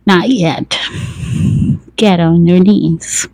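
A woman's voice: lowish voice, fairly even intonation, extremely slow, dark tone, no room sound, poor audio. A woman whispering a commanding male lover. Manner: rough, gruff, commanding. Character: commanding dominant adult man, lover. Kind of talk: whispered role-play.

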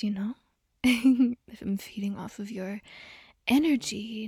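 Giggly woman in a slow whispered role-play. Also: on the high side, steady tone, husky, no echo, clean studio sound. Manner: soft, giggly and playful.

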